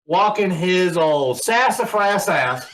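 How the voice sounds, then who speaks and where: Podcast co-host, man, high-pitched, fired-up and profane. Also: expressive, takes it slowly, fairly bright tone, a little hiss or hum, low-quality recording. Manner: enthusiastic, profane. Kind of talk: casual chat.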